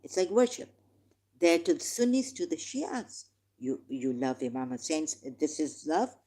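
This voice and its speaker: A woman reading scripture aloud and commenting on it with passion, slowing down for the verses and pausing with hesitations. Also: low-pitched, very animated, dark tone. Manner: impassioned, reads verses slowly with hesitations. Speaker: religious commentator.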